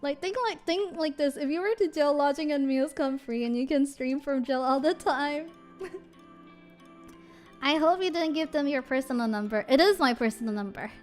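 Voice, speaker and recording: A woman streamer in casual livestream chat, animated and giggly. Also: sits high, normal speed, soft background music. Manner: animated, giggly, switches between English and Japanese.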